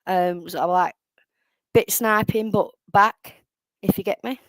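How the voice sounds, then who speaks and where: A woman's voice: mid-range voice, steady tone, measured pace, fairly bright tone, dry recording. A woman hosting a live stream, chatting casually and sarcastically as she comments on clips. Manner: chatty, sarcastic, laughs often.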